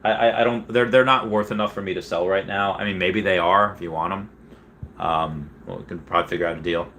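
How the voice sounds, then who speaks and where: A man's voice: low voice, fairly even intonation, a little fast, a bit bright, slight background noise. A young man casually chatting on a livestream, rambling with many fillers as he reads chat messages and reacts. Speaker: streamer reading chat.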